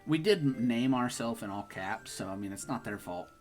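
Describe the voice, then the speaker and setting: A man's voice: mid-range voice, animated, normal speed, faint music behind. A young man casually commenting on his playthrough of a game, joking around and laughing often. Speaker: gaming streamer. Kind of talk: casual let's-play commentary.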